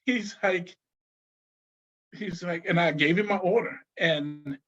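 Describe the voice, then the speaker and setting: High-voiced New man telling stories. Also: takes it slowly, dull audio. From New Orleans. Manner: animated storyteller, laughs often, many restarts. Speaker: guest. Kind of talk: casual conversation.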